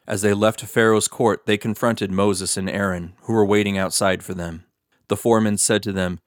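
Man narrating Bible reading, low voice, dry close mic, steady. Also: moderate pace, no room sound. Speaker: scripture reader.

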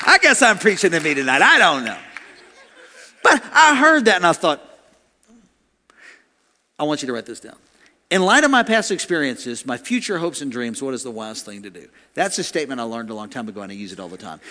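Male pastor, sermon, higher voice with wide swings, echoing church hall. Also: fairly quick. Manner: animated, acts out voices and laughs.

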